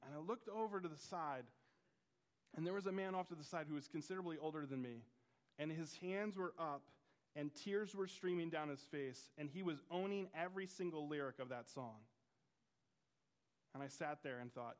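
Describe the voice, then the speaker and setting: A man's voice: a little high, normal speed. A man, a pastor preaching a sermon in a conversational, storytelling way. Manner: conversational storytelling with quoted dialogue.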